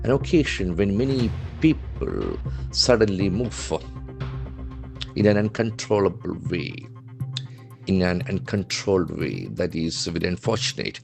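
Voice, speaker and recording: A man gives a patient vocabulary lesson in a somewhat low voice. He talks deliberately and spells each key word out letter by letter. Faint music plays underneath. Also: sing-song, vocal fry. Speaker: English language trainer.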